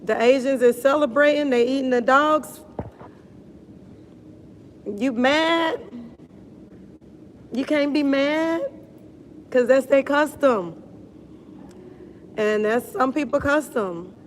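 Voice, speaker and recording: High-voiced, unhurried woman coach. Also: slight background noise. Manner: animated, laughing, slangy and blunt. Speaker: wellness coach. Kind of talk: casual live-stream chat.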